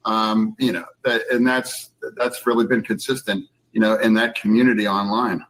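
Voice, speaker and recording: A man speaking hesitantly in a halting, filler-filled conversational way. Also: on the low side, flat delivery, fairly bright tone, poor audio.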